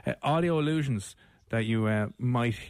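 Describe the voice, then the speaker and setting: A man's voice: medium pitch, normal speed, a little mellow, no echo. An Irish man hosting a radio show, chatting casually with lots of fillers and restarts. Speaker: radio host. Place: radio studio. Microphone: studio mic.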